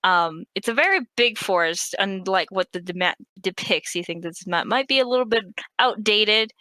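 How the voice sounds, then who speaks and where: Bright-voiced woman running a tabletop game. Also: medium pitch, expressive, normal speed, no echo, rough recording. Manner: laughing, casual, voices townsfolk. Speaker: game master.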